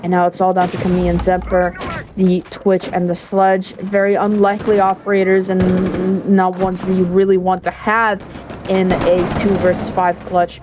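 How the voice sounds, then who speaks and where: A woman's voice: lowish voice, level tone, moderate pace, background noise. A woman casting a live esports match, talking through the play in a chatty, casual way with frequent fillers. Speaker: esports caster.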